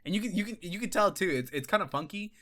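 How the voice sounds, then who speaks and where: A man with a bright, fairly high voice that jumps around a lot in pitch talks fast over a gaming clip, breaking down the footage like a gaming channel host. Excitable and casual, he swears freely, laughs, trips over his words and restarts often.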